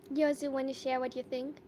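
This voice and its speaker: A woman's voice: high voice, mellow, a little hiss or hum. A woman from Germany, a live streamer chatting casually, reading viewer comments aloud and laughing often.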